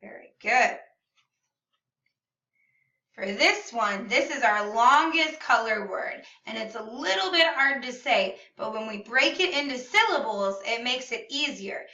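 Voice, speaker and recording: A woman teaching a video language lesson for children, upbeat and enunciating slowly so students can repeat after her. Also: a little high, pushed and bright, dull audio. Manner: upbeat, slow and clearly enunciated, modeling words for repetition. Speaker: Spanish teacher. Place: classroom or room at home. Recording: echoey room, slightly far from mic.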